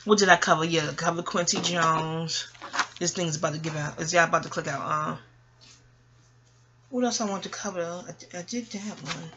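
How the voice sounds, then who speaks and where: A woman in her forties from Queens, New York, talking in a digressive, profane monologue with loud bursts of laughter. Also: fairly low pitch, normal speed, highs cut off, noisy background. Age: 40s. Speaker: channel host. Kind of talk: rambling audio monologue.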